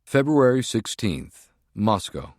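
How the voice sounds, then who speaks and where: A man giving a measured, deliberate scripted narration of an audiobook. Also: lowish voice, very animated, darkish tone, dry recording, studio quality.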